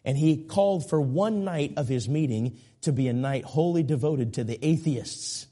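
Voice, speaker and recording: A man preaching a sermon in church, telling a story slowly and with emphasis before a fervent altar call. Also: fairly high pitch, mellow. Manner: slow, emphatic storytelling, rising to fervent appeals. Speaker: pastor. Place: church sanctuary.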